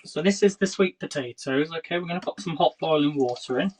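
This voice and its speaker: A man's voice: on the high side, a little fast, a little mellow, low-quality recording. A man in his thirties hosting a casual cooking livestream from his home kitchen, chatting with viewers as he works. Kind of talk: casual live cooking chat. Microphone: phone livestream. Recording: kitchen clatter and clicks behind.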